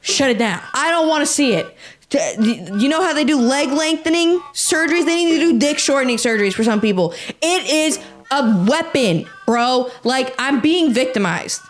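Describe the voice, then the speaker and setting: High-voiced, ranting young woman podcaster. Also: moderate pace, soft background music. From United States. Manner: animated, exaggerated, swearing, ranting. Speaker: podcast host. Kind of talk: reading and reacting comedy.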